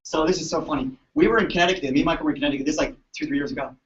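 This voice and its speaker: A man, a chiropractor, telling patient stories to colleagues in an animated, chatty way, often asking "right?". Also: on the high side, very fast. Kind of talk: storytelling talk to an audience. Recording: echoey room, distant dull mic.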